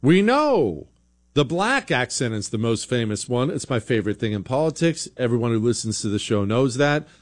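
A man's voice: mid-range voice, big pitch swings, moderate pace. A man hosting a political talk show, giving blunt, sarcastic opinion commentary in a conversational way.

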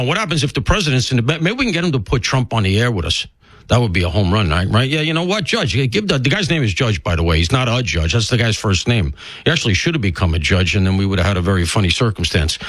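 A man hosts a talk radio show, talking in a loose, joking, self-mocking way. His pitch swings widely as he riffs, and he sounds a little stuffy from allergies. The studio sound is dry and close, with no room echo. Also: fairly bright tone. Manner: chatty, self-deprecating, riffing with jokes and asides. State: congested with allergies. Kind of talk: casual talk radio monologue.

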